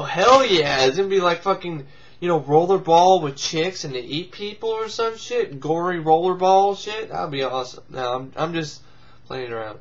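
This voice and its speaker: A man's voice: on the high side, fairly bright tone, dull audio. A man hosting a video blog, giving sarcastic, profane comic commentary and mocking things in squealed put-on voices. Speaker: vlog host. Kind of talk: casual comedic commentary.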